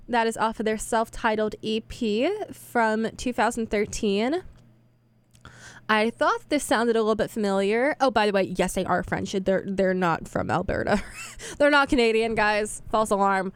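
Young woman, radio host, casual chat between songs, rambling, self-deprecating, mid-range pitch, crisp clear voice. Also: normal speed, no room sound. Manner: rambling, self-deprecating, many fillers and restarts.

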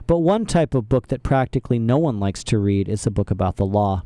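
A man reads a children's novel aloud in a wry, expressive way. His voice has a warm, mellow tone. The recording is dry and close to the mic. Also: on the low side, a little fast, no echo. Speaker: reader. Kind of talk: reading a children's book aloud.

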